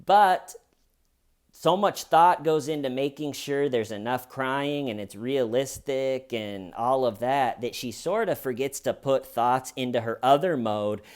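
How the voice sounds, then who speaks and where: A man's voice: medium pitch, measured pace, darkish tone, smooth. A man giving sarcastic, comedic true crime commentary with wry asides.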